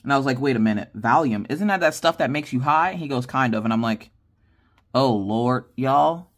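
A woman hosting a casual craft-channel chat, telling a long personal story and acting out the dialogue with lively shifts in her voice. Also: very deep voice, moderate pace. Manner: animated, acts out quoted dialogue with lively voice shifts; chatty, with many fillers and restarts.

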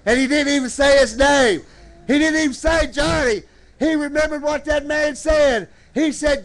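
Delivering a story-driven sermon in church, this preacher has a very high, somewhat bright voice. He addresses the congregation directly and drops into slow, dramatic phrasing.

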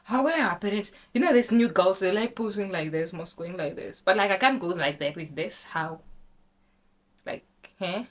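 Chatty, excitable young woman vlogger. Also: moderate pace. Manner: chatty and excitable, with bursts of high squeals. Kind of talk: casual vlog chat.

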